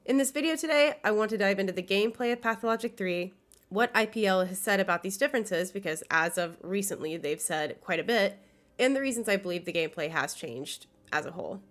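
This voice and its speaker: Her voice is mid-range, animated, fairly bright, and a little fast. A young woman with a nasal, congested sick voice hosts a scripted video essay, sounding earnest and enthusiastic with occasional fillers.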